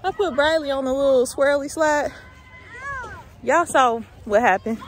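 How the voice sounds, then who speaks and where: Slow-talking woman vlogging at a park. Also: high voice. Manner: chatty, laid-back, talks to viewers as y'all. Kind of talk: casual vlog chat to camera. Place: outdoors at a park. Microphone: handheld camera. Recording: outdoor park noise behind.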